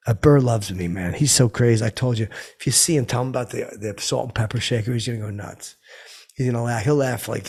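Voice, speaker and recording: Gravelly, raspy man rambling on. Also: medium pitch, a little mellow. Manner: rambling, boastful, stammering. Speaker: comedic character host telling stories. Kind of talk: rambling comedic monologue.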